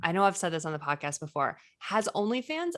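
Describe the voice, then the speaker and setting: A woman's voice: fairly low pitch, big pitch swings, fast talker, a bit bright. A woman hosting a podcast in casual chat, blunt and jokey with frequent swearing. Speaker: podcast host.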